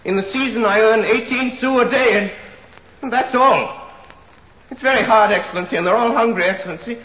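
A man's voice: high-pitched, a little fast, pushed and bright, echoey room, long reverb tail, muffled recording. An actor playing a desperate young peasant pleading in court in an old-time radio drama, stammering as he begs.

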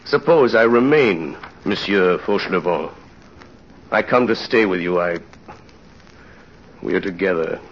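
An actor playing a tormented aging ex-convict father in an old-time radio drama, speaking in a somber, halting way. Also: sits low, expressive, dull audio, a little hiss or hum. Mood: grave.

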